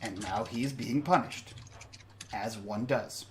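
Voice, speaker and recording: A man voicing a smooth, genial male camp leader who speaks calmly and politely. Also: on the low side, unhurried, a little hiss or hum, natural voice. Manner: genial and unbothered.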